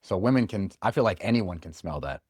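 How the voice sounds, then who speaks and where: A man's voice: low-pitched, lively intonation, a little fast, darkish tone, breathy edge, no room sound, clean studio sound. A man hosting a podcast, talking casually and eagerly, thinking aloud as he sums up his guest's points. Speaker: podcast host.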